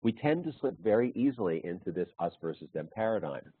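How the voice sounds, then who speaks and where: Delivering a conversational webinar talk, a man tells anecdotes in a relaxed, storytelling style, his deep, slightly husky voice fast and sing-song. The audio is dry with no room sound, narrowed to a phone-like band like a video call.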